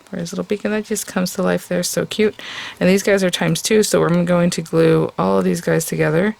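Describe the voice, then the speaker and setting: A woman's voice: on the low side, little pitch movement, a little fast, gravelly, a little mellow, slight background noise. A woman hosting a casual crafting tutorial, chatting and thinking aloud as she works, with plenty of fillers.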